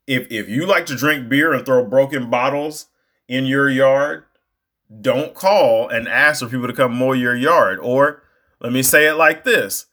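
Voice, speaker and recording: A man's voice: mid-range voice, unhurried, a bit bright. A man giving a casual, emphatic monologue, full of fillers and asides. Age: adult. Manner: conversational, emphatic, lots of fillers.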